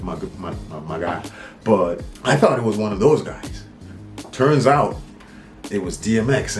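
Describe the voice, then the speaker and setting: A man from St. Kitts, a rapper, telling a story in a laid-back, rambling, slangy way. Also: fairly low pitch. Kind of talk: casual storytelling vlog.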